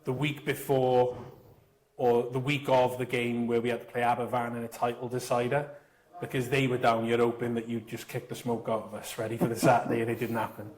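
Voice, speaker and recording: A man's voice: mid-range voice, flat delivery, a little fast, poor audio. A man hosting a casual podcast chat, joking and teasing his guest. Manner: joking, teasing, laughs often. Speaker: podcast host.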